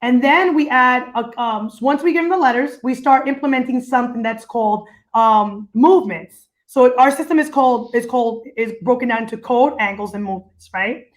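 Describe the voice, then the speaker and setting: An energetic, joking woman on a video call, explaining the dance teaching system she created in a lively, teacherly way. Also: fairly high pitch, a little fast. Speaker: guest, dance company founder.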